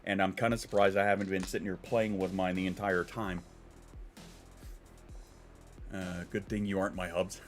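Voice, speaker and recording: A man's voice: low voice, flat delivery, brisk, faint music behind. A man hosting a casual livestream, rambling and joking with plenty of profanity. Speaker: livestream host.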